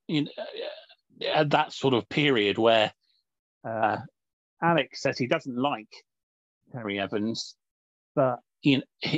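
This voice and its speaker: A man's voice: medium pitch, no room sound. A man in casual chat, thoughtful and hesitant, with many fillers. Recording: dull, dry lo-fi audio.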